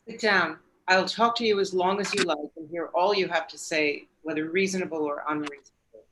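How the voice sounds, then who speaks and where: A woman reading the part of a calm, resolute young woman in an audiobook, steady and restrained. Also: lowish voice, a little slow, a little hiss or hum, voice pushed down, low-quality recording. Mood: firm.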